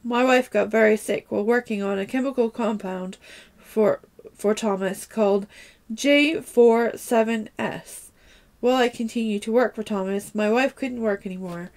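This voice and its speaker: A woman's voice: a little high, moderate pace, darkish tone, close to an everyday voice. A woman reading a defensive, troubled man. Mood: pleading. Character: troubled middle-aged man, defensive then pleading.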